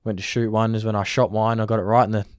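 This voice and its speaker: Young Australian male interview guest, casual rambling storyteller, rapid flat delivery. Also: fairly low pitch, clean tone, no room sound, clean studio sound. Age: young adult. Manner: rambling, filler-heavy, lots of "like". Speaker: interview guest, rugby league player.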